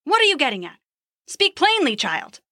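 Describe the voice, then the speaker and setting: A woman's voice: high-pitched, huge pitch swings, moderate pace, bright, forceful tone, no room sound, clean studio sound, voice pushed up, full character voice. A woman putting on a roaring, boastful old god. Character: blustering old male god, boastful and quick-tempered.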